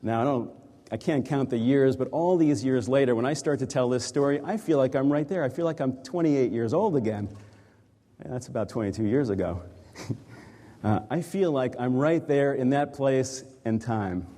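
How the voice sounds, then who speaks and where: A man's voice: mid-range voice, moderate pace, dark tone. A man, an executive coach, telling a personal story to a live audience in a reflective, conversational way. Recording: reverberant hall.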